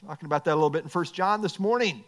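A man preaching a sermon, quoting scripture and dropping into quiet, joking asides. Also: a little high, very fast. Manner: expressive, swings between emphatic and quiet asides; quotes scripture, light humor. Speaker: pastor.

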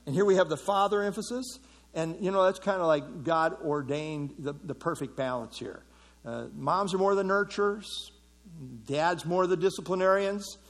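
A middle-aged man teaching a Bible passage in a relaxed, conversational way, with many fillers and restarts. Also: high-pitched, normal speed. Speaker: pastor teaching a Bible study.

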